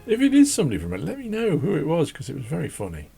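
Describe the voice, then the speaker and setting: Casual host, a man with a gravelly, mellow voice, faint music behind. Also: on the high side, huge pitch swings, rapid-fire. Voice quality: croaky. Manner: rambling, chatty, self-deprecating, laughs often. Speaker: drawing channel host. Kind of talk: casual chat while drawing. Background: faint classical music.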